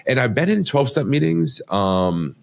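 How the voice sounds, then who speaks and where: A man's voice: medium pitch, big pitch swings, moderate pace, creaky. A middle-aged man, a podcast guest, telling his life story in a casual, rambling way with many restarts.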